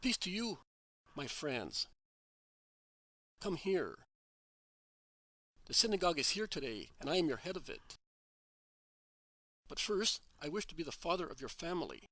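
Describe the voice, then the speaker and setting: A man reading the part of a gentle, kindly male religious teacher, calm and reassuring. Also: fairly high pitch, unhurried, pauses often, no room sound, heavily acted.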